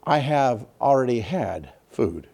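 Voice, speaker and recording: A male preacher putting on a calm, patient teacher who gently explains things to his followers. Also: vocal fry, full character voice. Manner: low, gentle, measured.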